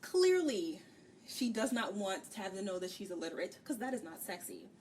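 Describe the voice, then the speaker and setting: A woman co-hosting a book review podcast, ranting candidly in casual chat. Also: medium pitch. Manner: candid, ranting, acts out characters' lines in quick bits. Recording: distant mic with faint background noise.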